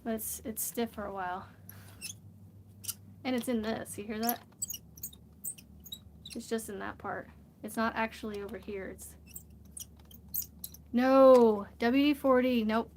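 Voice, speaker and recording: A woman's voice: on the high side, fairly even intonation, unhurried, pauses often, noisy background. A woman chatting casually on a crafting vlog, rambling and often laughing as she works. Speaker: crochet vlogger. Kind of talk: casual livestream chat while crafting.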